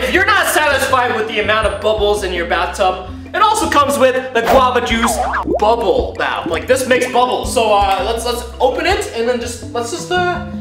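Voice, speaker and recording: An excited man hosting an unboxing vlog from his bathtub, shouting and giggling a lot. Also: very high voice. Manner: hyper, shouty, giggly, lots of slang. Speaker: vlogger host. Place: in a bathtub at home. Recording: echoey bathroom with background music.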